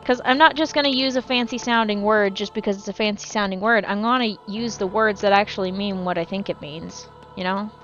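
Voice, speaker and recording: A woman's voice: medium pitch, fairly quick, hardly any pauses, a bit bright, highs cut off, faint music behind. A woman streaming a game and chatting casually with her viewers, rambling, swearing freely and often correcting herself mid-sentence. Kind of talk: casual live-stream chat while gaming.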